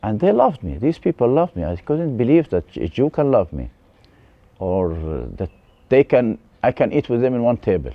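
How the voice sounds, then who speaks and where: Lively man with an Arabic accent. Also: medium pitch, no room sound, highs cut off. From West Bank. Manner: halting, restarts often, broken English. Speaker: interview guest. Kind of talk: personal life story.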